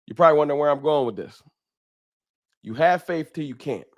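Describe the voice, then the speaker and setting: A man's voice: fairly high pitch, expressive, brisk. A man chatting casually on a live stream at home, speaking into a desk microphone. He greets viewers one by one in easygoing slang and keeps up a loose, running talk with the chat. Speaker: livestream host. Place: home room with a wall sign.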